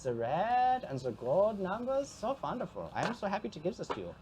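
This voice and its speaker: A woman's voice: mid-range voice, sing-song, quick pace, noisy background. A woman voicing Alvin, a cheerful and morbid male ghost who presents prizes in a tabletop game, with a put-on accent and a sugary, delighted manner. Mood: sweetly morbid. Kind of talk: live-streamed tabletop game.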